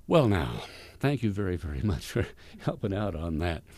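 A man hosts a radio show, spinning folklore in a folksy, rambling way full of restarts. His voice is mellow and warm-toned, recorded dry and close in a studio. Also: deep voice, big pitch swings, normal speed, no room sound. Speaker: folk music radio host.

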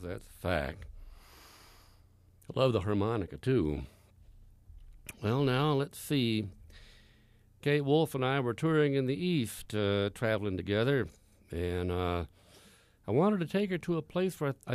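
A man's voice: mid-range voice, a little mellow, dry recording. A man hosting a folk music radio show, telling stories in a folksy, rambling way with many hesitations. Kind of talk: casual storytelling.

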